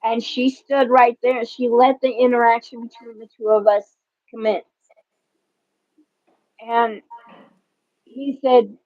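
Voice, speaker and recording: A woman slowly telling an emotional personal story in a casual chat. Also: fairly high pitch, flat delivery, dry recording. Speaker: guest. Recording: dull lo-fi dry audio.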